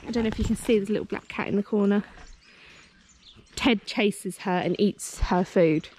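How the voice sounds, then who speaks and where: A woman's voice: medium pitch, normal speed. A woman, chatting casually and rambling with plenty of fillers as a travel vlogger. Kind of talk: casual vlog narration. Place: outdoors on walks and in a car. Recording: muffled camera audio with loud background noise.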